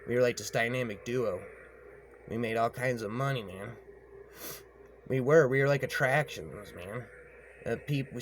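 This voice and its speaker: A man's voice: medium pitch, normal speed, long pauses, a little hiss or hum. A man telling a rambling story aloud, often repeating himself and tagging lines with "man". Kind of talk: rambling spoken horror story.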